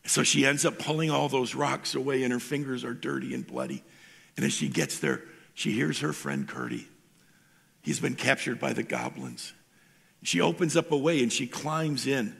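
A male pastor delivers a casual, storytelling sermon. His voice is gravelly, with heavy fry, and has a husky, unpolished edge. He often doubles back on words as he starts a thought. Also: mid-range voice, big pitch swings, moderate pace, a bit bright. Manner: storytelling, informal, repeats words when starting.

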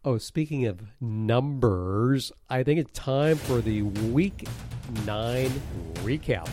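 Excitable man ranting on a podcast. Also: takes it slowly, soft background music. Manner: ranting, excitable, high-pitched outbursts. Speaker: podcast co-host. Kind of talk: casual podcast chat.

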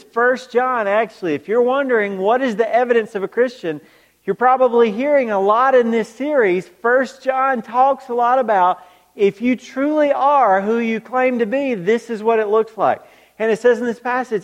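A man's voice: very high voice, moderate pace, dull audio. A man preaching a sermon in a large church hall, throwing rhetorical questions back at the congregation. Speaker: pastor. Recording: long reverb of a large hall.

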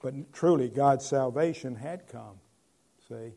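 A man, a pastor, preaching a conversational sermon and moving between loud proclamation and quiet asides. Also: medium pitch, slow pace, creaky.

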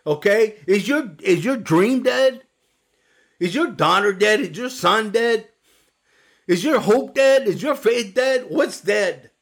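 Man, middle-aged, preacher, gravelly, slightly high voice, earnest sermon. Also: animated, slow pace. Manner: earnest, emphatic, rhetorical questions.

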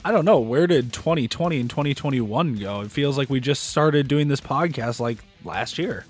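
A man's voice: medium pitch, lively intonation, normal speed, slightly rough, faint music behind. A man co-hosting a podcast in easygoing casual chat, talking freely and laughing now and then. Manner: easygoing, chatty, laughs often. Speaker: podcast co-host.

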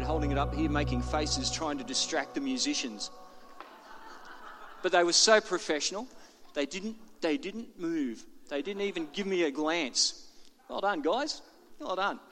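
Older guy pastor preaching, kinda chatty n jokey, voice a bit high, big echoey church. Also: moderate pace, music in the background. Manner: chatty and self-deprecating, with many restarts. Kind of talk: sermon. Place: church auditorium.

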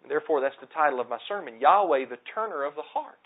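A man preaching a sermon, stressing words with sudden swings between loud and soft. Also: on the high side, animated, fast. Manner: emphatic, with dramatic swings of loudness. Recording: tinny phone-like sound.

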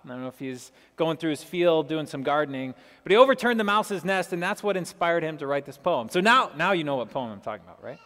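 Male preacher, high voice, long hall reverb, casual and questioning. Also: a bit bright. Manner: chatty, asks listeners questions. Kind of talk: conversational sermon.

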